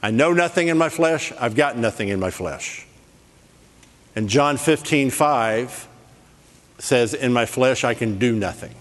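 A man preaching a sermon in a lively, playful way, rattling off scripture references. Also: medium pitch, a little slow. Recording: long hall reverb.

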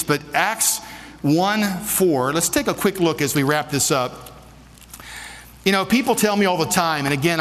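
A man's voice: sits high, a bit bright. A man preaching a sermon as pastor, emphatic and repeating questions to the congregation. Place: church. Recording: long hall reverb.

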